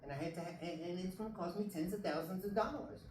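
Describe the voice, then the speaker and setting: A middle-aged or older resident speaking at a city meeting's public comment, emotional and indignant, halting and restarting, close to tears. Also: medium pitch, a little mellow, slight background noise. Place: council meeting hall. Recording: echoey hall, distant mic, faint ambience.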